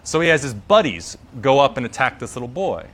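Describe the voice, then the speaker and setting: Speaking fairly quickly in a mid-range voice, a man who teaches yoga spins a slangy, casual story. He gets animated and voices the characters himself.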